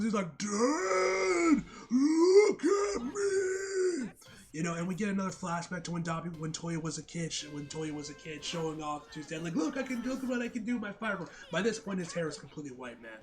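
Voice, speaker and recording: Young male anime reviewer, slightly high voice, hyped and casual, home mic. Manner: excitable, says "man" constantly, swears.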